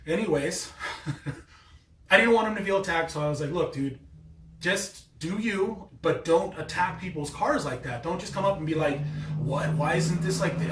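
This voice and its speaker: Guy in his 30s ranting about a car meet, kinda high voice, echoey room, mic a bit far off. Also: moderate pace, fairly bright tone, a little hiss or hum. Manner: rambling, exasperated, many restarts. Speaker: car vlogger. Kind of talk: casual storytelling rant.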